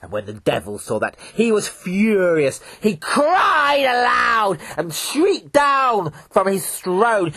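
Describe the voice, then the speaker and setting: A man telling a folk tale in an animated, dramatic way. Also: high voice, slow, slightly rough. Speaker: storyteller.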